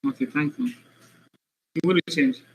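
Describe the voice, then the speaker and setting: A man teaching an Arabic lesson to a child, patient and slow, repeating each word to drill it. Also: fairly high pitch, very animated, a little mellow, a little hiss or hum, low-quality recording. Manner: patient, repeats words slowly to drill them. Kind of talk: one-on-one language lesson for a child.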